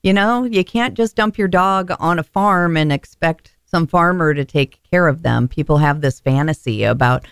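A woman's voice: low-pitched, moderate pace, hardly any pauses, clean tone, no room sound, studio quality. A woman, a pet rescue founder, chatting as a radio guest and laughing often. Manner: laughs often, warm and self-deprecating. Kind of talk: casual interview chat.

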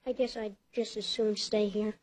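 A woman playing a quiet, reluctant young boy in a 1940s radio drama, with a hesitant, stammering way of talking. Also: mid-range voice, flat delivery, moderate pace, natural voice. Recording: old radio transcription with faint hiss.

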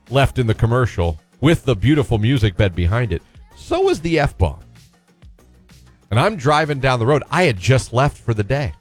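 A man hosting a casual radio talk show, telling a self-deprecating story and inviting listeners to call in. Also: medium pitch.

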